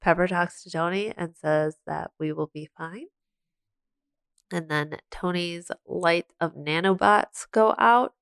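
A woman's voice: fairly low pitch, slow, vocal fry, clear, resonant tone, no echo. A woman co-hosting a podcast, recapping a film with dry, wry remarks in casual chat. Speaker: podcast co-host.

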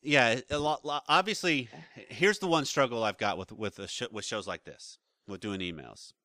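Bright-voiced man rambling on a podcast. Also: medium pitch, lively intonation, moderate pace, no room sound, clean studio sound. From United States. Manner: rambling, restarts and trails off. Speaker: podcast co-host, relationship counselor. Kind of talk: casual chat.

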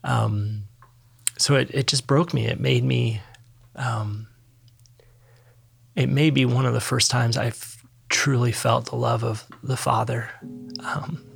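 This man has a gravelly, slightly husky voice and tells his story in a halting, reflective way, full of pauses and ums. He sounds close to the mic in a dry room. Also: medium pitch, steady tone, no room sound. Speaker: podcast guest. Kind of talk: candid personal testimony.

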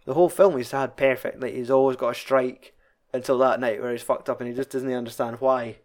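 A man's voice: mid-range voice, steady tone, brisk, darkish tone. A young man with a Scottish accent chatting casually about a film, swearing freely and laughing often. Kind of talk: casual chat.

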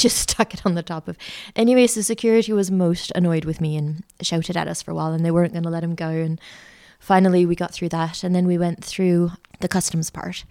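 A middle-aged woman, a podcast guest telling a lively travel story with lots of fillers. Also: fairly low pitch. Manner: chatty, animated anecdote-telling with many fillers. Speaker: interview guest, art school founder. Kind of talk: casual storytelling.

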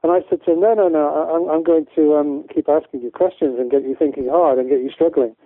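A man's voice: a little high, fairly even intonation, fast, dry recording. Man on a tinny phone line. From United Kingdom. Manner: rambling, with many restarts and fillers. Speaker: guest educator. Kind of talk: casual conversational interview.

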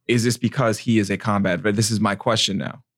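A man in his thirties hosting a casual chat, animated and profane, acting out quotes. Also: lowish voice, brisk, dry recording, studio quality.

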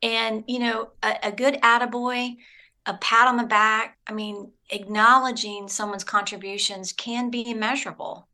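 A woman's voice: on the high side, little pitch movement, moderate pace, bright, forceful tone. A woman consultant, a guest on a podcast, giving workplace advice in an affirming, coach-like way. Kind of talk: casual interview chat.

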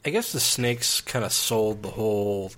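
A film review podcast co-host, this man has a fairly low, slightly bright voice and talks a little slowly. His casual chat is hesitant, full of restarts and thoughts left trailing.

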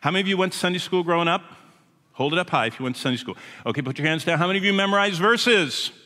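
Folksy missionary preacher in a reverberant hall. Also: male voice, high voice, expressive, very fast, bright, forceful tone. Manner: folksy storytelling, chatty asides to the congregation. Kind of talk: sermon. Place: church or meeting hall with a congregation.

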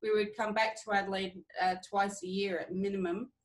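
A woman's voice: medium pitch, level tone, brisk, poor audio. A woman from Australia, a business owner, telling family stories in a casual interview.

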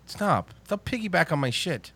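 A woman's voice: fairly low pitch, big pitch swings, moderate pace, a bit bright, breathy edge. A woman co-hosting a comedy podcast, sarcastic and exasperated, swearing freely as she cuts in. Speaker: podcast co-host. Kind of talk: casual comedic chat.

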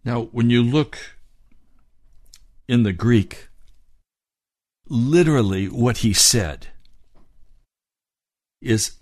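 A male preacher delivers a sermon, unpacking scripture phrase by phrase. He speaks slowly and deliberately at a middle pitch. The recording is dry and close. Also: darkish tone, no echo. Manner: expository, explaining scripture word by word.

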